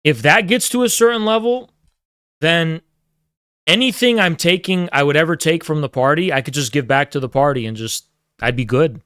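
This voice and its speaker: A man hosts a livestream, ranting casually with heavy swearing and mock-grandiose taunts. His voice is fairly high and fairly bright, clear and resonant, at a moderate pace, captured in a clean studio with no echo.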